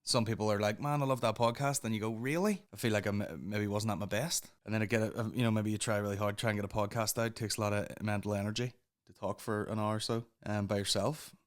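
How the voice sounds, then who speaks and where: Talking fast in a fairly low voice, this solo comedy podcast host is profane and excitable. He slips into imitations of other people's voices as he tells his stories.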